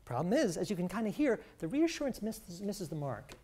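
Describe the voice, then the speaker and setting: Earnest woman lecturer, lively pitch. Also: a little fast, slightly rough. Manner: earnest, explanatory, some restarts. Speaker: professor, relationship researcher. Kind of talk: scripted talk on couples' health.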